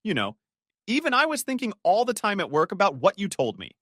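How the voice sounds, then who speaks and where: A kind widowed dad, gentle and reassuring, with a voice that moves a lot in pitch, read by a male storyteller. dry sound, close to the mic. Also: huge pitch swings, a little fast, dry recording, heavily acted. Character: kind steady widowed father.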